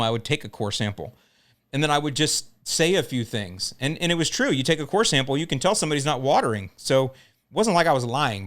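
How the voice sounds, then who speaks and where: A middle-aged man hosting a lawn care podcast, telling a story in a casual, joking way. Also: medium pitch.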